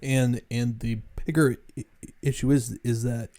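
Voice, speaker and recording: A man co-hosts a casual podcast in a mid-pitched voice with a very dark, mellow tone. He stammers and repeats words as he builds his argument. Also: steady tone, moderate pace. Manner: stammering repetitions when making a point. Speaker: podcast co-host.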